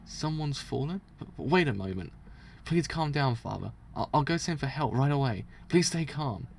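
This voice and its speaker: A man's voice: mid-range voice, lively intonation, normal speed, creaky, darkish tone, a little hiss or hum. A man voicing a nervous young male prison guard while reading a manga aloud, polite and stammering as he soothes someone. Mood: placating.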